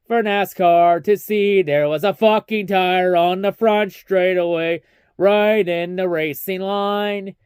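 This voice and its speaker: A young man with a high, smooth voice rants through a casual race recap, swearing often and mocking what he saw. The sound is dry and close, with no room around it. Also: steady tone, takes it slowly, darkish tone, no echo. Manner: ranting, heavy swearing, mocking. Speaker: racing recap vlogger.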